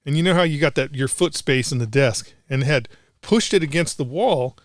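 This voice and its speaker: A man's voice: a little high, moderate pace, dry recording, studio quality. A middle-aged man, a combat veteran guest, telling a war story in blunt, profane casual talk.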